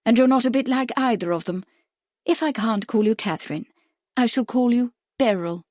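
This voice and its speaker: A woman's voice: a little high, normal speed, darkish tone, dry recording, studio quality, close to an everyday voice. A woman voicing a glamorous, teasing actress who is playing hostess, in a storybook reading. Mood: gracious. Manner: playful, gracious.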